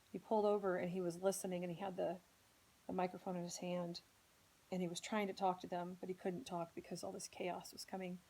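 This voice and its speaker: A woman's voice: on the low side, warm tone, poor audio. A woman from Indianapolis earnestly telling a personal story as a podcast host, speaking with strong emotion. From Indianapolis, United States.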